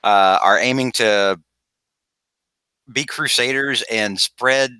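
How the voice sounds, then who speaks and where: Man, podcast host, bright tone, dry sound, casual rambling comic book recap. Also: medium pitch, slow pace, clean tone, dry recording, low-quality recording. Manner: rambling, animated, slips into quoted voices.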